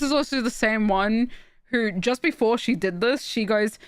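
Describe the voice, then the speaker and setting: A young woman from Australia, chatting casually on a stream and telling stories in an animated way, with restarts and laughs. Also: mid-range voice, a little fast, clean tone, no echo, clean studio sound. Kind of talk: casual chat while streaming.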